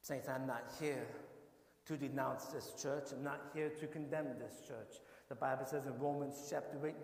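A man preaching a sermon to his church, swinging from quiet talk up to shouted, fervent exhortation. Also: mid-range voice, steady tone, normal speed, echoey room, long reverb tail. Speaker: pastor. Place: church sanctuary.

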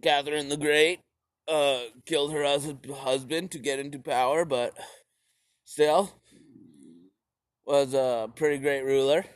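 Slow, profane, rambling young man. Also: a little high, steady tone, no echo, studio quality. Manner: rambling and profane, with slips and restarts. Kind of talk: casual comedic history rant.

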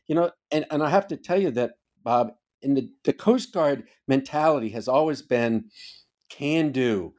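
This is a relaxed storytelling interview on a podcast, where the guest, an older ex-Coast Guard officer, talks emphatically and doesn't hold back on profanity. His voice is medium-pitched and a touch mellow, with lively intonation at a normal speed.

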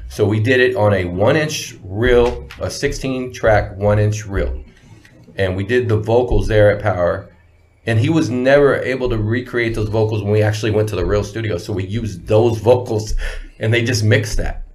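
A man speaking as a guest in a casual conversation, in a plain-spoken and deliberate way. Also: lowish voice, a little mellow. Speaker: music producer guest. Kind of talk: casual chat.

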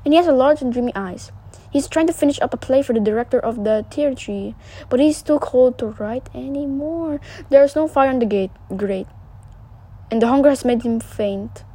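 A woman reading the lines of a gentle, pleading male statue prince in a fairy tale, earnestly and with some stumbles. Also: high-pitched, moderate pace.

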